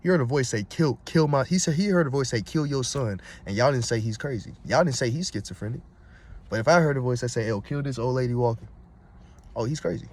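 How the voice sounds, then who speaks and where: A man's voice: mid-range voice, fast. Blunt, streetwise man on a rant. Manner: blunt, streetwise, keeps asking "you feel me"; gets loud and heated when arguing. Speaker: vlogger on spirituality. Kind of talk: casual preachy monologue.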